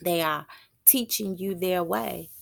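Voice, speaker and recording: A woman giving an informal religious teaching, halting and repeating words as she thinks aloud. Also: lowish voice, vocal fry. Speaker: prophetess.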